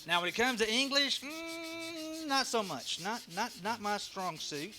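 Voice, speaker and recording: A man's voice: very high voice, sing-song, unhurried, noisy background. A man with a Texan accent, live-streaming his woodworking and chatting casually in a joking, rambling, self-deprecating way.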